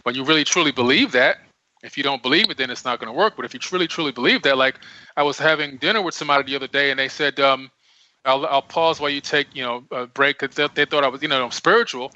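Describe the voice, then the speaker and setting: A man's voice: medium pitch, quick pace, sharp tone, no room sound. A man speaking as a guest on a radio interview, earnest and emphatic. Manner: earnest, emphatic, preaching self-empowerment. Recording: dull lo-fi radio audio.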